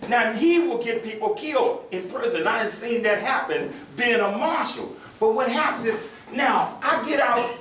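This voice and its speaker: Older male speaker, lively storyteller who acts out voices, recorded from afar in a roomy hall. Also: very high voice, recorded from a distance, noisy background. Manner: animated storyteller, acts out voices, laughs with the crowd. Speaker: retired U.S. marshal, speaker. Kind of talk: storytelling speech to an audience.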